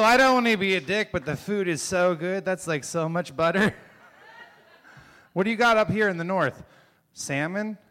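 A man's voice: a little high, a bit bright. A male comic on a comedy club stage, firing back a sarcastic, mocking rebuttal. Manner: sarcastic, mocking, keeps asking "right?". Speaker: stand-up comic in a debate show.

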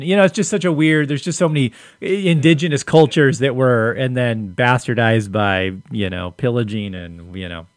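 A man's voice: medium pitch, normal speed, few pauses, no room sound. A man hosting a podcast in casual chat, laid-back, laughing often and leaning on "like" fillers. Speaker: podcast host.

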